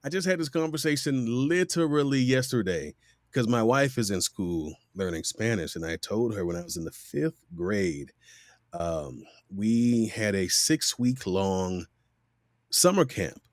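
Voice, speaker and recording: A man's voice: on the low side, no echo, studio quality. A middle-aged man from Miami, a voice actor guest telling stories in a casual interview and acting out the voices he quotes. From Miami, USA. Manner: animated storyteller who acts out quoted voices.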